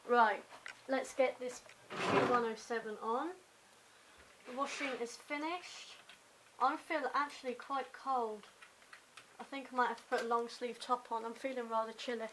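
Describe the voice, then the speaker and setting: Her voice is a little high with fairly even intonation, unhurried and full of long pauses, with background noise behind it. This young Hampshire vlogger, slightly London-twanged, chats and rambles through her daily video on a compact camera mic, poking fun at herself along the way.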